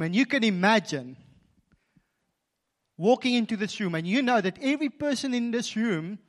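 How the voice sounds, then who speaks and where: A man preaching a sermon, telling stories animatedly and swinging from quiet, intimate moments to emphatic passages. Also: high voice. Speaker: pastor.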